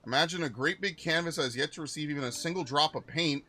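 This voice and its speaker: A man's voice: a little high, quick pace, pushed and bright, a little hiss or hum, pitched above the performer's own voice. A man reading out the earnest, formal lines of a painting master talking to a student.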